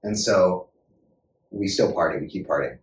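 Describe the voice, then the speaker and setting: An American actor as a podcast guest, telling a story in a lively, laughing way and acting out voices. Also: male voice, deep voice, normal speed. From United States. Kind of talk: animated storytelling. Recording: roomy room, distant mic.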